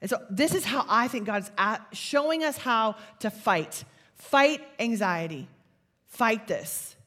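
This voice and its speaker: A woman's voice: on the high side, expressive, takes it slowly, bright, forceful tone. A middle-aged woman gives an earnest, confessional faith talk to an audience. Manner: earnest, confessional, builds to fervent. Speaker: speaker. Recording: long hall reverb.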